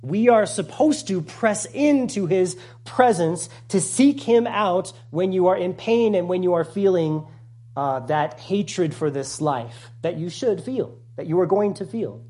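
A man, a pastor, giving a conversational, animated sermon with asides to the congregation. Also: high voice, a little slow, slightly rough.

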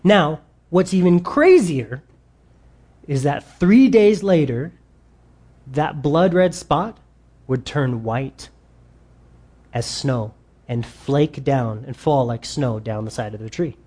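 A man's voice: a little high, lively intonation, slow, long pauses, darkish tone, slightly rough. Enthusiastic male preacher. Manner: enthusiastic, exclaiming, reads quotes aloud. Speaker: pastor. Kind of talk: sermon.

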